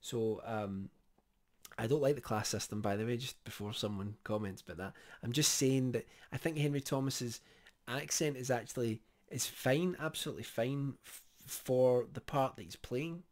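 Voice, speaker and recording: A man's voice: medium pitch, normal speed, a little mellow. A man giving a casual spoken review of a horror series, thoughtful and full of fillers and restarts.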